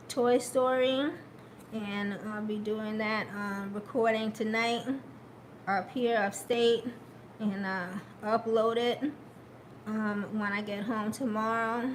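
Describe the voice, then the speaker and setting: Slow, hesitant woman chatting on a stream. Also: fairly high pitch, a little hiss or hum. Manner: slow, hesitant, many ums; upbeat, encouraging. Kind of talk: casual live-stream chat.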